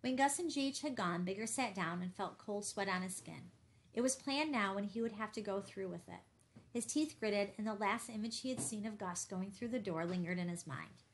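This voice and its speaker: A woman narrating a novel as an audiobook, measured and intense. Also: medium pitch.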